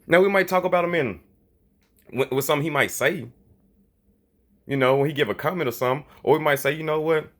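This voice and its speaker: A slightly high, bright-ish male voice comes out fast, broken by frequent pauses. The speaker is a boxing commentator giving a heated, profane monologue on boxing, blunt and repetitive, with plenty of mocking impressions of other people.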